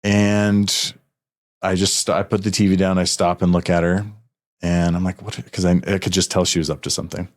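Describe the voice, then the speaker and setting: Deep-voiced guy hosting a podcast, earnest and a bit choked up, keeps restarting sentences. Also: little pitch movement, normal speed. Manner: earnest, emotional storytelling with many restarts. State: a little emotional. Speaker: podcast host. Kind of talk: casual podcast conversation.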